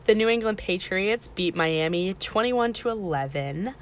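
A woman's voice: medium pitch, expressive, a little slow. A woman hosting a casual podcast, talking beginners through the basics in a chatty way and correcting herself as she goes. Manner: chatty, self-correcting, teaching beginners step by step. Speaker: podcast host.

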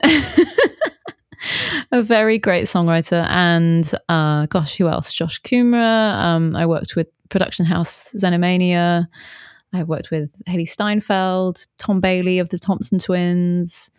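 Modest woman with a lowish voice. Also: a little slow, clear, resonant tone, dry recording, clean studio sound. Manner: modest, self-deprecating, laughs often. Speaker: guest musician. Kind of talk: casual interview chat.

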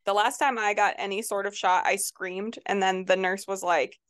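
A woman's voice: medium pitch, steady tone, moderate pace, a bit bright, smooth, no echo, clean studio sound. A woman co-hosting a podcast in casual chat, playful and joking, who also reads the show plugs. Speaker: podcast co-host.

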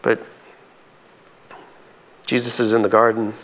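A pastor preaching a sermon in a conversational, emphatic way, his voice climbing high on key points. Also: flat delivery, slow, a bit bright.

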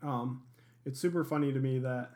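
A man's voice: medium pitch, moderate pace, darkish tone. A man co-hosting a casual podcast at home, chatting in an easygoing, wry way. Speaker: podcast co-host. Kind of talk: casual chat.

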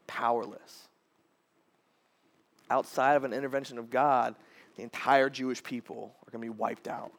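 A man in his thirties preaching a casual, animated sermon, jumping to loud high bursts when he acts out quotes. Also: brisk, creaky. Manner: casual, repeats words as he restarts. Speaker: pastor.

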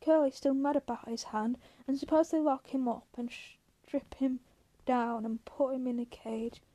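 A woman reading as a calm, quiet ranch man. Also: high-pitched, close to an everyday voice. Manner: quiet, measured.

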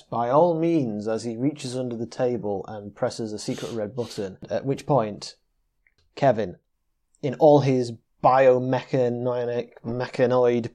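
A man's voice: mid-range voice, darkish tone. A man playing in a tabletop game, casually describing his character's actions. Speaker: player. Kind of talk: casual tabletop role-play chat.

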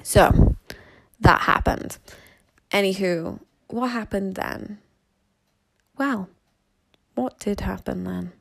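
A woman's voice: medium pitch, takes it slowly, gravelly, long pauses, dry recording. A young woman tells her life story candidly and casually, rambling and swearing freely.

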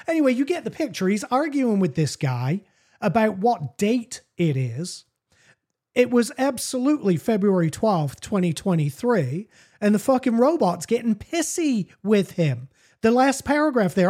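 A woman's voice: medium pitch, very animated, moderate pace, dark tone. A woman podcast host giving profane, mocking comedic commentary while reading chat logs aloud.

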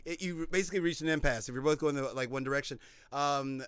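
A man with a smooth, resonant voice and a slightly high pitch, chatting casually on a podcast. He retells a film with animated energy and acts out lines. The sound is dry and close. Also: fast talker, no room sound. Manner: animated retelling with acted-out quotes. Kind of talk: casual chat recapping a film.

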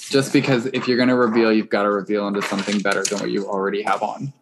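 A man's voice: fairly low pitch, flat delivery, fast talker, crowd noise. A man hosting a podcast in casual chat, leading the segments in an easygoing way. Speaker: podcast host. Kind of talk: casual chat reviewing a reality show.

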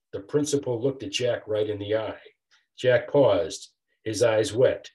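An older man, an author reading his own rhyming picture book aloud with a steady rhythmic delivery. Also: fairly low pitch, measured pace. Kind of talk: storybook read-aloud.

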